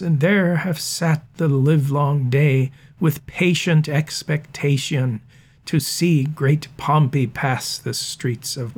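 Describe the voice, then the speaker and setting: An angry Roman tribune , read aloud by a man, berates the crowd in slow, weighty verse. The voice sits fairly high for a man. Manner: declaiming verse, slow and emphatic.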